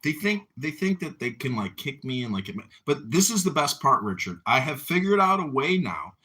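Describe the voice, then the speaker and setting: A man's voice: medium pitch, very animated, moderate pace, bright, forceful tone. Offhand, mumbling man in casual chat. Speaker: host.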